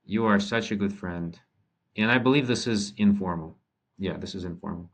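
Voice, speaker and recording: A man teaching a language lesson, thinking aloud with frequent ums and restarts and reading model sentences slowly. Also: low voice. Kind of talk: relaxed spoken lesson.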